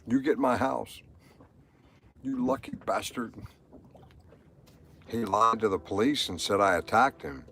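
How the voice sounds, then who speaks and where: A middle-aged man talks through a live stream in a low voice, circling back to the same phrases over and over. His delivery is rambling and emotional. A faint background hum sits under him. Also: measured pace, long pauses, fairly bright tone. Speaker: livestreamer. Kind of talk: live stream monologue, reading chat.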